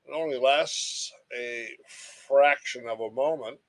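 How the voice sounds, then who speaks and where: A man's voice: medium pitch, unhurried. A man giving a recorded lecture, telling everyday stories in an emphatic, storytelling way.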